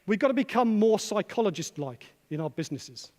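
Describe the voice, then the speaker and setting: High-voiced guy giving a pushy keynote in a big echoey hall, keeps repeating himself. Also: big pitch swings, a little fast, a little mellow. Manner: challenging, rhetorical, repeats key phrases. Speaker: conference speaker, psychologist. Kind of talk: conference keynote talk. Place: conference hall. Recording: long reverb of a hall.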